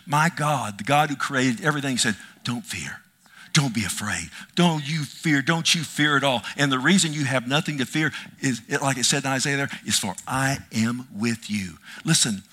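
A male pastor preaching a sermon, emphatic and repetitive, swinging from loud proclamations to hushed asides and calling for amens. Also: mid-range voice. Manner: repeats phrases for emphasis, calls out amen.

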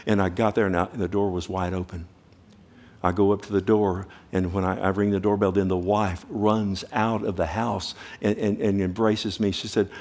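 A middle-aged man preaching from the pulpit with a lowish, gravelly voice. He pushes his points with urgency, repeats phrases and keeps asking the congregation if they are listening. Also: flat delivery, moderate pace, darkish tone. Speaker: pastor. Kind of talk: sermon.

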